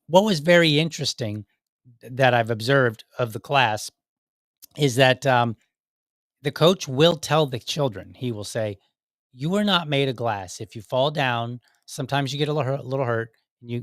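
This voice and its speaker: A man's voice: medium pitch, a bit bright, dry recording. Dry-sounding man talking casually. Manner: conversational, many restarts and asides. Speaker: podcast host. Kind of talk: casual solo talk.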